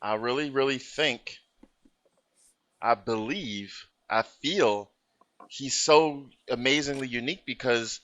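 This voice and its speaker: A man's voice: mid-range voice, slow pace, a bit bright. A man co-hosting a music reaction video, insistently arguing his point in casual chat. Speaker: reaction channel co-host. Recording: dull lo-fi sound.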